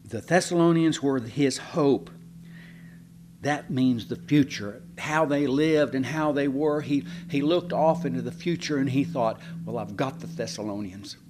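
A man preaching a sermon in a folksy, animated way, with sarcastic asides to the congregation. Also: mid-range voice, measured pace, a little hiss or hum. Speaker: pastor.

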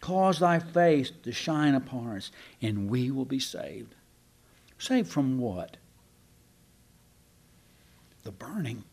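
Slow, emphatic male preacher. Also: mid-range voice, animated, a little mellow. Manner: slow, emphatic, with rhetorical questions. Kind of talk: sermon.

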